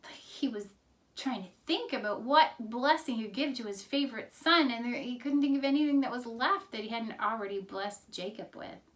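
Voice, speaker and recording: A woman Sunday school teacher narrating a Bible story in an expressive, storytelling way. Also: fairly high pitch, normal speed, recorded from a distance.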